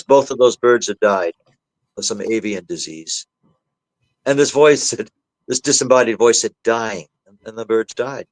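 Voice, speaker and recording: With a mid-range voice, poor audio and no echo, a man who is a demonologist shares his story as a podcast interview guest. He's animated, performing the voices of those he quotes.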